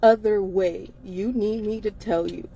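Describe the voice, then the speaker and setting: A woman's voice: mid-range voice, steady tone, a little slow, vocal fry, dark tone, slightly rough. A tired woman on a livestream, talking emphatically and repeating herself with laughs between phrases. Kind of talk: livestream monologue.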